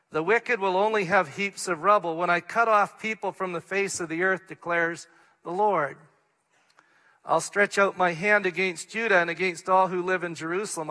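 A man's voice: high-pitched, bright, forceful tone. A middle-aged man, preaching a sermon, reading scripture and explaining it in an earnest, plain way. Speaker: pastor. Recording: long reverb of a large hall.

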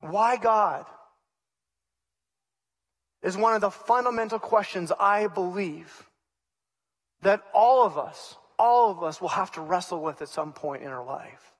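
High-voiced earnest male preacher. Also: normal speed, long reverb tail. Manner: earnest, repeats words, voices prayers in a pleading tone. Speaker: pastor. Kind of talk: sermon.

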